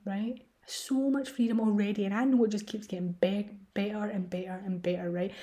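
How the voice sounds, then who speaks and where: A woman's voice: mid-range voice, mellow. A woman hosting her own podcast, talking in a gushing, emotional way, swearing casually and slipping into whispers and laughter. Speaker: podcast host. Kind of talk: emotional solo podcast monologue.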